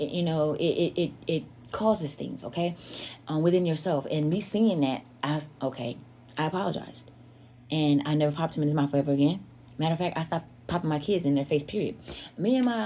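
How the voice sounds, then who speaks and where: Warm and low-pitched with a slight roughness, this woman's voice carries an earnest, confessional personal story for her viewers. She calls them "y'all" often and repeats things for emphasis.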